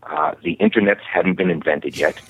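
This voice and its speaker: Boston guy in his 50s, halting and um-ing, raspy, dry sound, phone line. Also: deep voice, no room sound. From Boston area. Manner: halting, many fillers and restarts. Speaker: guest. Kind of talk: casual chat.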